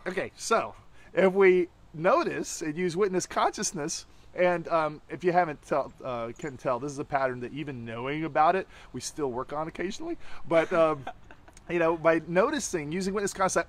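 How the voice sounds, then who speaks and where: Lively high-voiced man teaching. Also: moderate pace. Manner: animated, acts out quoted lines. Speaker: tantra teacher. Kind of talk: casual teaching chat.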